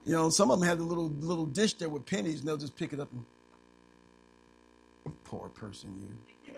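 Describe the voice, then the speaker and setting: A man preaching a sermon as pastor, animated, asking the congregation to finish his lines and acting out little scenes. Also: on the high side, normal speed, gravelly, long pauses, slight background noise. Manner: animated preaching with call-and-response questions; acts out little scenes in other voices.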